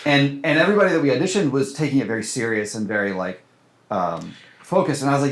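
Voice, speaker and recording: A man's voice: medium pitch, fast. A man, a film director, talking casually in an interview, full of fillers and restarts. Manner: animated, many fillers and restarts. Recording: roomy echo.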